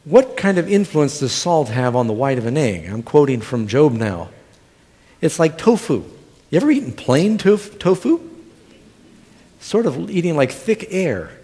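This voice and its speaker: His voice sits on the high side, mellow and a touch rough, with big swings in pitch and a measured pace. The middle-aged pastor weaves humorous stories into his sermon and quizzes the congregation, all echoing through a long-reverb church hall.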